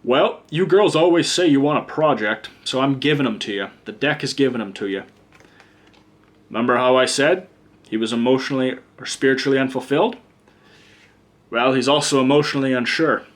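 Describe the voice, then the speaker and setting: A tarot reader and teacher with a medium-pitched voice talks fairly quickly through a casual pick-a-card reading. He is blunt and chatty, swears freely, and drifts off into rants.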